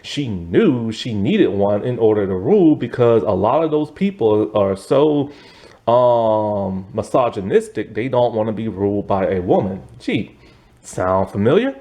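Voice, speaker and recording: A man talking casually as a TV review vlogger, chatty and meandering, with lots of "like" and "you know.". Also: a little slow. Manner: animated, swooping pitch. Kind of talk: casual chat.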